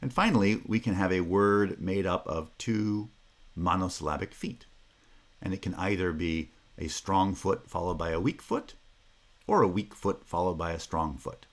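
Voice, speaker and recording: A man's voice: low-pitched, expressive, normal speed. A man giving a recorded linguistics lecture, explaining slides patiently and methodically, repeating key terms and checking in with "Right?". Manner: occasional filler "uh" and checking "Right?".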